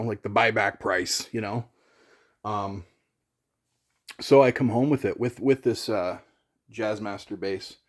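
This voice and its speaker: A man's voice: fairly low pitch, a little mellow. A man talking casually to camera about his gear, rambling and self-deprecating, with many fillers and restarts. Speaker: gear vlogger.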